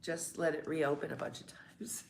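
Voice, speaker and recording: A woman's voice: deep voice, level tone, normal speed, gravelly, slight background noise. A woman live streaming a casual morning chat to her viewers. She has just woken up, her voice sounds congested as if she has a cold, and she rambles, laughs often and swears.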